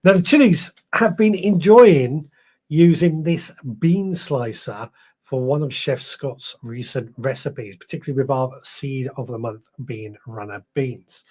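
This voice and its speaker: This podcast host's voice is mid-range and darkish in tone. On his live stream he reads viewer comments in a rambling, chatty, self-correcting manner, sounding slightly tired.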